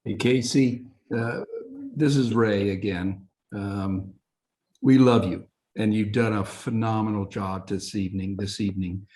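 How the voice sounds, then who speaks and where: A man in the audience of a video call meeting offers warm praise. His voice sits somewhat low. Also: steady tone, measured pace. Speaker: audience member.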